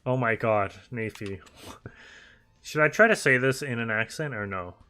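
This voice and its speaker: Guy streamer, young, bright clear voice, chatty and animated, laughs a lot, faint music under him. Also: mid-range voice, measured pace. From United Kingdom. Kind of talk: casual livestream chat reading viewer messages.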